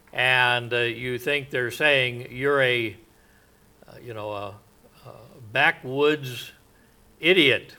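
A man preaching a sermon in a slow, halting way, with many pauses and fillers. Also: medium pitch, bright, forceful tone.

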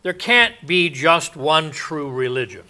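A man preaching a sermon in a slow, halting way, with many pauses and fillers. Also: a little high, expressive, bright, forceful tone.

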